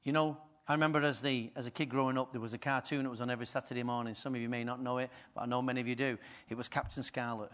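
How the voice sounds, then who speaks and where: A middle-aged man preaching a sermon as pastor, telling stories lively and swinging from hushed asides to loud bursts. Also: mid-range voice, racing, few pauses.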